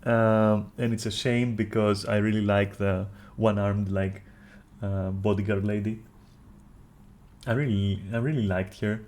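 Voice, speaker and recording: A man streaming a casual review, ranting loudly with heavy swearing, then dropping into quieter apologetic talk. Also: lowish voice, little pitch movement, unhurried. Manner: loud, profane, exasperated ranting that drops into quieter, apologetic talk.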